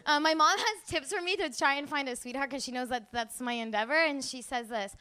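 A woman's voice: high-pitched, fairly quick, few pauses, pushed and bright, clean tone. A woman doing a live stand-up set, rambling, giggly and self-mocking. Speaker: stand-up comedian. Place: live comedy show stage.

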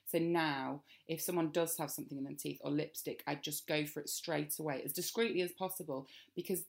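A woman's voice: low voice, fairly even intonation, fairly quick, vocal fry. A young woman with a Northern English accent, co-hosting a chatty podcast and laughing often. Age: young adult. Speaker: podcast co-host. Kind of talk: casual chat.

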